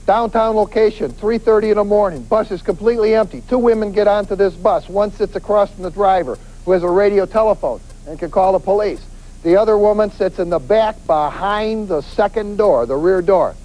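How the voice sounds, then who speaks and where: A man, a police detective, giving a lively lecture on avoiding crime, acting out quoted voices and hammering points with repetition. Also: high-pitched, brisk, poor audio. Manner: animated, acts out quoted voices, emphatic repetition.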